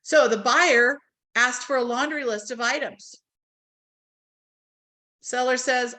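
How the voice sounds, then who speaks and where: Woman real estate trainer, fairly high voice, lively classroom delivery, acts out the calls she describes. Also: unhurried, pauses often. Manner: animated, acts out quoted phone calls. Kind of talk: live training class talk. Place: classroom with a live audience.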